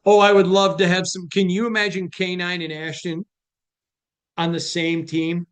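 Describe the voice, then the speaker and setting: A man hosts a casual sports talk show, answering viewers with emphatic, sometimes preachy conviction and quick jokes. His voice sits somewhat high for a man. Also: level tone, clear, resonant tone. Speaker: host.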